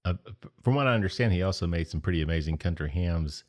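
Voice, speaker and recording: Low-voiced host. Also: male voice, animated, fast. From Eastern Kentucky. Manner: easygoing, laughing often. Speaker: podcast host. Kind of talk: casual podcast chat.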